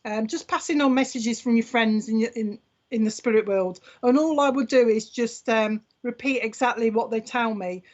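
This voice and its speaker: A woman's voice: on the high side, moderate pace, darkish tone, dull audio. A woman hosting a live online mediumship stream in a casual, chatty way, greeting viewers by name and laughing often. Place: home room.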